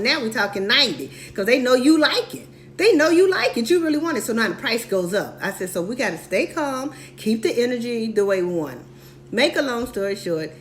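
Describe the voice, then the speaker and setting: Woman mentor on a live stream, kinda high voice, acts out the whole convo, keeps repeating the point, bit of hum. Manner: animated storytelling, repeats key points; acts out both sides of conversations. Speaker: real estate mentor. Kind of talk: motivational live-stream talk.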